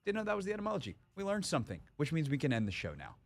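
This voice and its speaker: A man hosting a sports radio show, talking casually in an animated, jokey way. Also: a little high, very fast.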